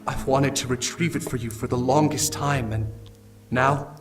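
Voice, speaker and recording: A man's voice: mid-range voice, fairly even intonation, normal speed, distant mic, lightly acted. A man voicing a devoted male lover in a romance game, speaking in earnest, tender declarations. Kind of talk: game voice acting. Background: game background music.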